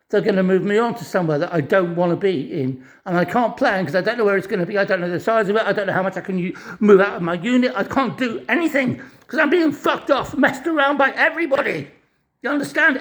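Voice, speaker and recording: A speaker giving a distressed, angry rant to camera, swearing constantly and stammering over restarted phrases. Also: mid-range voice. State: distressed and furious. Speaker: vlogger living in a hostel. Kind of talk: angry ranting monologue.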